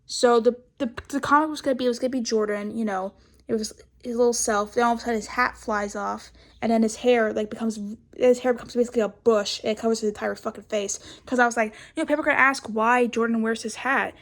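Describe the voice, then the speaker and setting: A woman's voice: fairly high pitch, fairly even intonation, fast. A young woman giving a casual, rambling sketchbook tour, swearing a lot and mocking herself. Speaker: vlogger.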